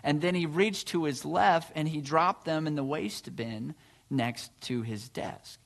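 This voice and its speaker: A man's voice: on the high side, a little slow, gravelly. A male pastor preaching a sermon, telling a story with earnest rhetorical questions.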